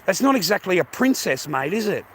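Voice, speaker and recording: A man's voice: sits high, very animated, fairly quick, gravelly, a bit bright, a little hiss or hum. Aggrieved Australian man ranting, swearing. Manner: aggrieved, heavy swearing, repetitive. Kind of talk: angry personal rant.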